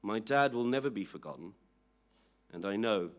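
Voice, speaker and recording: A man slowly and solemnly reading a family statement aloud at a public inquiry hearing. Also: on the low side, animated. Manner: slow, measured, solemn reading.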